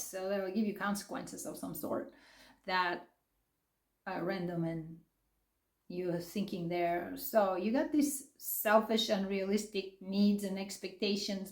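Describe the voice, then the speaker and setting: Animated woman in an echoey room. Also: mid-range voice, a little slow. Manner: animated, acts out quotes, laughs often. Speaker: psychology video host. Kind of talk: casual explanatory talk.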